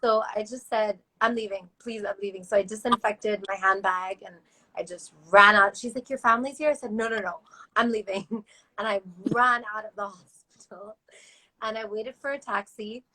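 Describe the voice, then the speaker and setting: A woman recounting a personal experience as an interview guest, animated and acting out other people's lines. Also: medium pitch, moderate pace, poor audio. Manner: animated, acts out voices in quotes.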